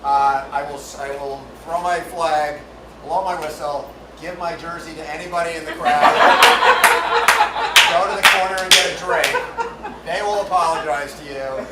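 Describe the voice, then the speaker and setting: A man hosting and refereeing a live improv comedy show on a theater stage, playful and jokey, now and then shouting to the crowd. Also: fairly high pitch, steady tone, moderate pace. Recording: roomy hall, distant mic, loud noise.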